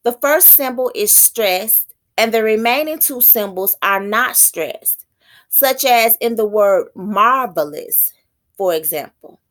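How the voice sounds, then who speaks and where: A woman teaching poetic meter in an informal spiritual talk, thinking aloud, slowing down to read terms and stumbling over unfamiliar words. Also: fairly high pitch, animated, a bit bright.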